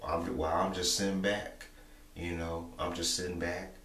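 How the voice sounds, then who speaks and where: Deep-voiced man rambling in an echoey room. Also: little pitch movement, moderate pace, fairly bright tone. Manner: repetitive, rambling, many "you know" fillers. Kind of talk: casual monologue vlog. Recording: echoey room, distant mic, faint hum.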